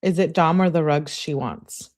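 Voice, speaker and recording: Woman streamer, lower voice, dry and blunt, reads evidence live and comments to chat. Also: normal speed, a little mellow. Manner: blunt, sarcastic asides to chat.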